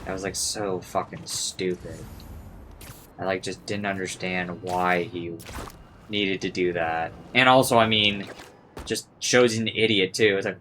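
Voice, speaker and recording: A man's voice: deep voice, steady tone, measured pace, fairly bright tone, slight background noise. A man casually reviewing a film, rambling and sarcastic, with lots of swearing.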